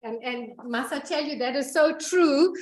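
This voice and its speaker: A woman chairing a conference session, thanking and introducing speakers, brisk and apologetic. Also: sits high, a little mellow.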